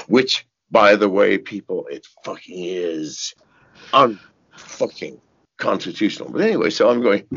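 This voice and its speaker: An older man with a deep, gravelly, husky voice, talking slowly and cursing freely. He tells his stories in bursts, with sudden leaps up in pitch and chuckles along the way. The audio is dull and lo-fi. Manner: profane, animated storytelling with sudden high shouts and laughs. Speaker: interview guest. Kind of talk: casual interview talk.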